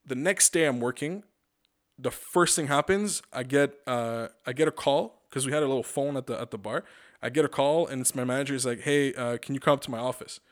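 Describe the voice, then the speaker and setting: A man casually telling a work story, profane and animated, acting out what people said. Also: medium pitch, fairly quick. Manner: profane, animated, acts out quotes.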